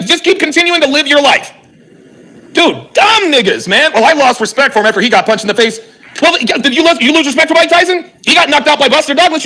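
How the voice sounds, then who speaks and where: A man hosting a live reaction stream, commenting heatedly and profanely while reading viewer chat aloud. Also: extremely high pitch. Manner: animated, exasperated, profane, reads chat aloud.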